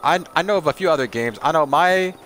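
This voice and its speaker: A man's voice: a little high, animated, fast talker, a bit bright, slight background noise. Rambling man streaming a game. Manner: rambling, lots of fillers and restarts, laughs easily. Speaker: live streamer. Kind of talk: casual gameplay commentary.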